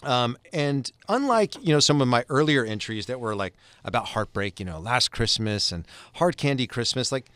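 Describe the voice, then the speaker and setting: A man co-hosting a podcast, chatting casually and telling expressive, animated stories. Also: mid-range voice, moderate pace, few pauses, clean tone, no room sound. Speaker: podcast co-host. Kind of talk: casual chat.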